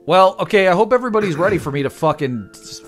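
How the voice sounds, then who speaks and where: Excitable man yelping through a game. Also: sits high, quick pace, faint music behind. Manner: excitable, yelps and swears at in-game mishaps. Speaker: gameplay commentator. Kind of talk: casual let's-play banter.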